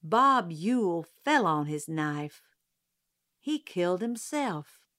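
A woman's voice: fairly low pitch, very animated, slow pace, full character voice. A woman reading a blunt, stubborn sheriff. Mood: stolid. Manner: quiet and blunt. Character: blunt, stubborn small-town sheriff, grown man. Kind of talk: audiobook character reading.

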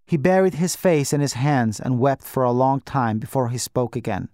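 A man reading an audiobook in a measured, gentle first-person style. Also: mid-range voice, lively intonation, no room sound, studio quality. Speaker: audiobook narrator.

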